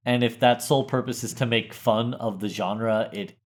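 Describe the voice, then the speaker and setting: A man's voice: mid-range voice, steady tone, normal speed, a little hiss or hum. A man co-hosting a gaming podcast in casual chat, rambling and correcting himself. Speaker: podcast co-host.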